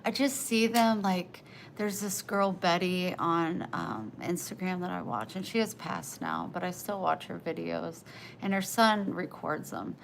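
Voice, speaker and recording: A woman's voice: on the low side, a little slow, vocal fry, slight background noise, poor audio. A woman livestreaming, chatting with her viewers in a tender, emotional, rambling way. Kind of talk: casual live chat.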